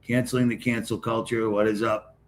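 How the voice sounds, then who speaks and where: A middle-aged man from the Boston area of New England hosts a casual live stream, greeting commenters one at a time and answering them bluntly with plenty of wisecracks. His voice sits on the low side, with a flat, fairly quick delivery, and he talks straight to chat.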